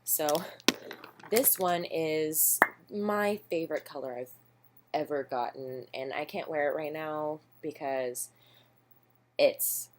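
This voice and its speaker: Low-pitched young woman, casual beauty vlogger, chatty and self-deprecating, recorded at home on a camera mic. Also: slow pace, darkish tone, a little hiss or hum. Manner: rambling, chatty, self-deprecating, lots of ums. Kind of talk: casual makeup haul chat. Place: home, indoors.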